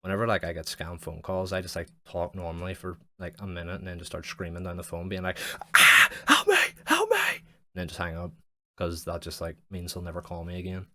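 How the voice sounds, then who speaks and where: A man's voice: low voice, flat delivery, fast talker. A young man, hosting a casual solo podcast and rambling with lots of swearing and "like". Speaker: podcast host.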